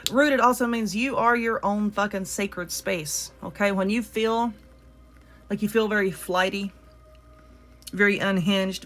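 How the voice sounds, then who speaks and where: A woman's voice: mid-range voice, fairly bright tone. A woman with a Southern US accent giving a casual spoken card reading, talking earnestly and directly to the viewer. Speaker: tarot reader.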